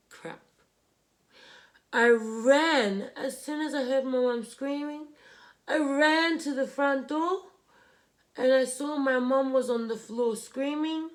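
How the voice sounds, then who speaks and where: A young woman, telling a painful family story in a vlog while crying, halting and repeating herself. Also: sits high. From Australia. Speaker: vlogger. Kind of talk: emotional personal story while doing makeup. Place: home room, indoors.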